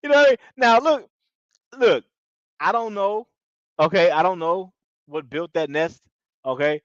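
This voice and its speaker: A man's voice: sits high, measured pace, dry recording. A man casually recapping a reality show in slangy talk, laughing often. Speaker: TV show reviewer. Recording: dull lo-fi dry audio.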